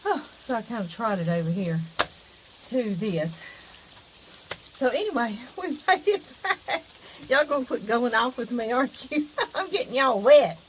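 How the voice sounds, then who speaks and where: A woman's voice: on the high side, big pitch swings, unhurried, background noise. Chatty Southern woman on a walk. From Louisiana. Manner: chatty, folksy, laughs often. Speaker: vlog host. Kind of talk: casual walking vlog. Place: outdoors in a pasture, then a porch.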